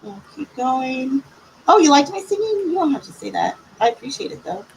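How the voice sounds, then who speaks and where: A woman's voice: high-pitched, very animated, fast talker, gravelly, slight background noise, low-quality recording. A middle-aged woman giving live tarot readings on a stream, chatty and reassuring as she talks to viewers. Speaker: tarot reader.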